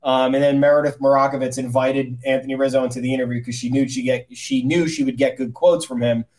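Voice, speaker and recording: A man co-hosting a sports podcast, talking in a loose, joking way. He fills his sentences with "um" and restarts now and then, at a middling pitch and an ordinary speaking voice. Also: lively intonation, fast talker, darkish tone, low-quality recording. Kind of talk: casual chat.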